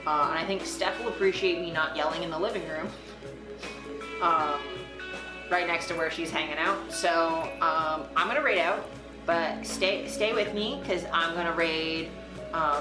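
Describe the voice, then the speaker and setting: A fairly low-pitched woman's voice at normal speed comes from a young Torontonian livestreaming in a room at home. She rambles casually with fillers and swears without restraint. There's roomy echo and music in the background.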